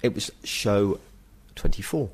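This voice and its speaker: A man's voice: fairly low pitch, expressive, slow pace, creaky, husky. A middle-aged man co-hosting a casual podcast, chatty and self-mocking, with teasing mock rants. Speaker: podcast co-host.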